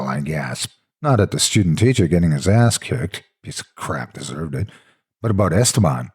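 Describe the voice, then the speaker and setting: Deep husky-voiced man reading horror. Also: sing-song, normal speed. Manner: dramatic, intense first-person telling. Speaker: horror story narrator. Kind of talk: dramatic horror story reading.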